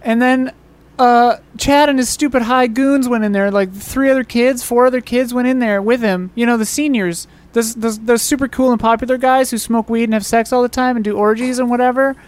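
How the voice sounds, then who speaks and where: A woman's voice: a little high, steady tone, a little fast, a little mellow, close to an everyday voice. Benji, a woman playing a nervous teen boy. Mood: rambling. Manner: rambling, stammering, nervous over-explaining. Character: bullied, anxious teenage boy, scaredy-cat younger brother. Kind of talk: improvised tabletop role-play.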